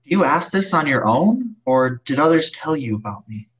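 A man reading the part of Jesus, a calm male teacher on trial, in a dramatized scripture reading, with a steady delivery. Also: medium pitch, normal speed, close to an everyday voice. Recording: dull lo-fi recording.

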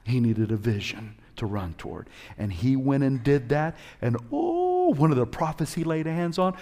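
Fired up preacher guy, mid pitch, preaching hard and asking the crowd to answer back. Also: big pitch swings, moderate pace. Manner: passionate, call-and-response, swings from shouts to hushed. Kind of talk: sermon.

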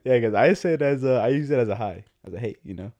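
A man in casual chat, asking quick questions and joking. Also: medium pitch, expressive, warm tone, dull audio. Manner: quick, jokey, asks questions and laughs.

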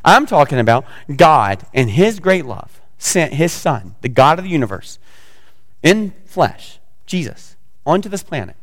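A male pastor preaches in a loose, conversational way and throws teasing asides to his congregation. His voice sits high for a man. The sound carries a long, hall-like reverb. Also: very animated, unhurried. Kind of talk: sermon.

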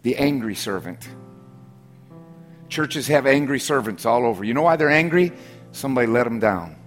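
A man preaching a sermon as pastor, stressing points by repetition and dropping to soft, quiet asides. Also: expressive, moderate pace, faint music behind. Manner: preaching with sudden drops to soft, low, intimate asides and emphatic repetition.

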